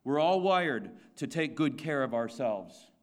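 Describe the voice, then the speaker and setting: A man's voice: mid-range voice, lively intonation, a little slow. A male pastor preaching a sermon to his congregation, asking rhetorical questions, repeating his points and restarting phrases as he goes.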